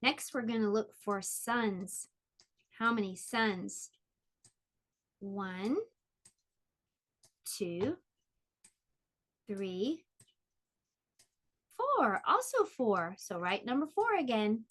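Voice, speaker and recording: A woman teaching an online preschool lesson, speaking slowly in a sing-song way to small children. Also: medium pitch, sing-song, fairly bright tone. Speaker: pre-K teacher.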